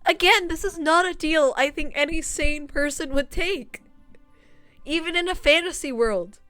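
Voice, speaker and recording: A woman's voice: high-pitched, moderate pace, a bit bright, no room sound, faint music behind. A woman streaming a visual novel, talking casually and sarcastically at the characters, laughing in disbelief. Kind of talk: casual gameplay commentary.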